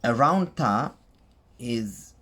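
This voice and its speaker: A man's voice: mid-range voice, lively intonation, drawn-out words, sharp tone, breathy edge. A man teaching Quran recitation rules in a casual tutorial, patient, repeating points and checking in with "okay?" and "right?".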